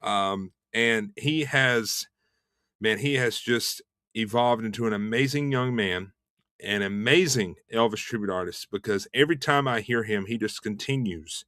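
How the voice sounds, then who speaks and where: US male host, middle pitch, dry close mic, fast and eager. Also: no echo. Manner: rushed, energetic promo talk with fillers. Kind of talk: casual online show chat.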